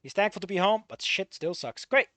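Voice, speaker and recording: Animated, sarcastic story reader. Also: medium pitch, fairly quick, dry recording. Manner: animated, sarcastic, swears, breaks off mid-reading to comment. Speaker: fanfic reader and reviewer. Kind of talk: reading a story aloud with running commentary.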